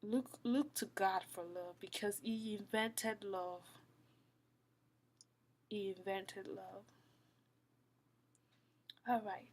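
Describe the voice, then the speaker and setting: A woman giving a heartfelt devotional talk, earnest and repetitive, often falling to a soft whisper. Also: mid-range voice, fairly even intonation, very slow, pauses often. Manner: earnest, repeats phrases, drops to soft whispers. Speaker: Christian speaker.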